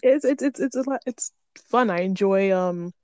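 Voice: medium pitch, normal speed, a little mellow, no echo. A co-host in a casual movie-ranking podcast who laughs a lot and acts out little quotes.

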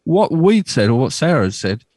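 A man's voice: fairly high pitch, very animated, normal speed, darkish tone, dry recording. A middle-aged man from Bristol, hosting a casual radio chat and telling rambling stories with many restarts. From Bristol, England. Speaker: radio show host. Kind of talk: casual chat on a remote call.

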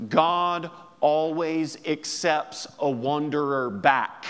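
High-voiced preacher in a reverberant hall. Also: male voice, takes it slowly. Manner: conversational preaching, acts out dialogue, laughs. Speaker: pastor. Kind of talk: sermon.

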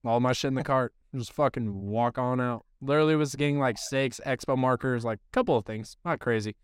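A man hosting a podcast spins a loose, profane story, leaning hard on filler words. His voice is smooth and clear. It is recorded dry and close, with no room sound. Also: mid-range voice, fairly quick, no echo. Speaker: podcast host. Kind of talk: casual storytelling.

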